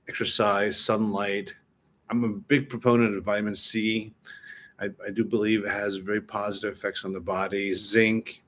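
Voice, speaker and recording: A man's voice: on the low side, a bit bright. Man giving a casual sermon talk. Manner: conversational, many restarts, reads scripture slowly. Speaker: preacher and teacher.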